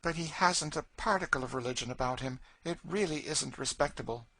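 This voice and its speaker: A man doing a fussy Southern matron, high complaining voice, prim and peevish, bright tone. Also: brisk, dry recording.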